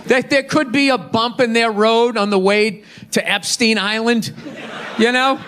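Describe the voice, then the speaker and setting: A man's voice: very high voice, fairly even intonation, a little slow, a bit bright. A man performing a profane, mocking stand-up comedy rant at a live show. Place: live comedy venue with audience.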